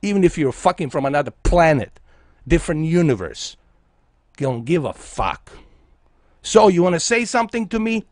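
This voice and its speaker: A man's voice: a little high, big pitch swings, normal speed, long pauses, a little mellow. A man from Bosnia, a game streamer delivering an aggressive, profane, taunting livestream rant at his viewers.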